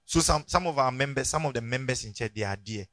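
A man's voice: mid-range voice, quick pace, no room sound. A man preaching a sermon as pastor, joking and calling on the congregation to turn to their neighbors. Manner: animated, joking, calls on the congregation.

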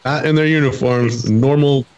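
A man's voice: mid-range voice, fairly even intonation, moderate pace, a little mellow. A race team man telling a story in a casual, easygoing way. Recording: slightly muffled audio.

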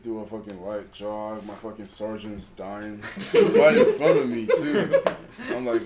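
A man's voice: on the low side, big pitch swings, takes it slowly, roomy sound, over a noisy crowd. A young man co-hosting a podcast, telling stories bluntly with lots of swearing. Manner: swearing, blunt, laid-back storytelling. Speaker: podcast co-host. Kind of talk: casual banter.

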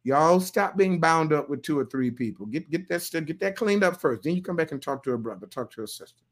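Folksy pastor chatting with online viewers. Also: male voice, a little high, expressive, brisk. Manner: loose, folksy, playful, with sudden loud bursts. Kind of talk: livestream sermon talk reading viewer comments.

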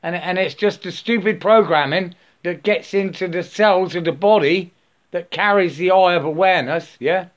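A man's voice: high voice, normal speed, lo-fi sound. A man giving a rambling spiritual monologue, checking in with the listener and breaking into laughs.

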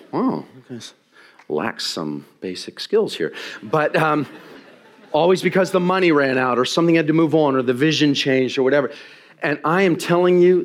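A man in his fifties, a pastor preaching a sermon from a church stage, telling stories with lively acted-out voices. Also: mid-range voice. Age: 50s. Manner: animated, acts out voices of people in the story.

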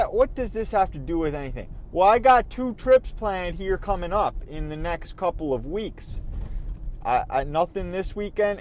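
A man's voice: high voice, darkish tone, a little hiss or hum, rough recording. A man vlogging from his car, ranting in an irritated, profane way while he drives. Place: in a car on the road.

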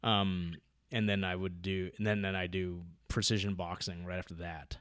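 A man chatting casually about his training, rambling with lots of fillers and getting loud when excited. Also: sits low, normal speed, clean tone, no echo, clean studio sound. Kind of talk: casual podcast chat.

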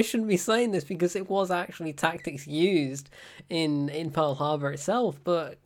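A man's voice: fairly high pitch, animated, normal speed. A man casually reviewing a film, sarcastic and breaking into laughter as he talks. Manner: sarcastic, laughs often while talking.

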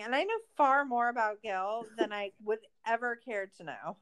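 A woman's voice: fairly high pitch, normal speed, fairly bright tone. A woman podcast host in a casual recap chat, ranting in exasperation and swearing a lot.

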